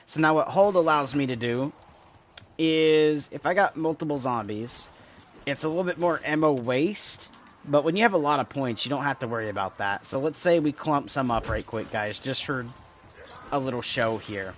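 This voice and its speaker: A man's voice: medium pitch, normal speed. Man, gameplay streamer, casual rambling commentary, faint background noise. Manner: rambling, talks to chat, imitates sounds.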